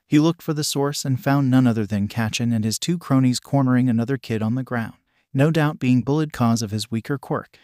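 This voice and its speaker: A man narrating a fan fiction story in a steady storytelling read. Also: medium pitch, no room sound, clean studio sound.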